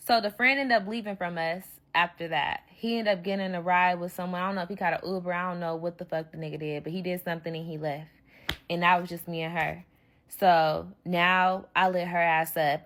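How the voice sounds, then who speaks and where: A young woman recounts a storytime in a loose, animated way, full of slang and swearing. She acts out the lines of the people she quotes. Her voice sits in the middle of the range. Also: medium pitch, normal speed. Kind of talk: casual storytime.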